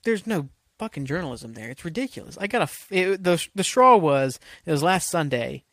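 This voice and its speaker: A male podcast host rambling through a heated solo rant, full of swearing and restarts. His voice sits a little high, and the sound is dry and close, with no room echo. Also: big pitch swings, fairly quick, a bit bright.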